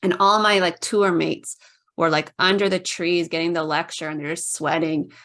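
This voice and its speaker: Chatty middle-aged woman with a low voice. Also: steady tone, normal speed, fairly bright tone. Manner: chatty, fills speech with "like", puts on voices for quoted people. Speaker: podcast guest. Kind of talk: casual storytelling.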